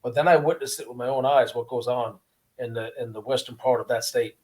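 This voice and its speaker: A man, a former prisoner, telling his story in a casual interview with an earnest, halting manner, often repeating words. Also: mid-range voice, steady tone, darkish tone. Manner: earnest, repeats words, acts out guards' voices.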